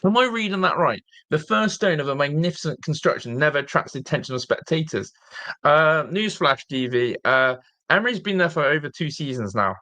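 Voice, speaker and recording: A man's voice: on the high side, expressive, fairly quick, bright, forceful tone. A man hosting a live-streamed football fan show, ranting in exasperation and repeating himself. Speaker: fan channel host.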